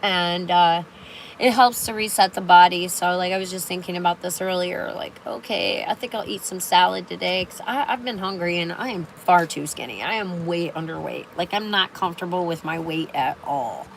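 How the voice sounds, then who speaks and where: A woman's voice: on the low side, moderate pace, gravelly, slight background noise, low-quality recording. An older woman talking on a casual livestream in a rambling way, with many fillers and restarts. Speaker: live streamer.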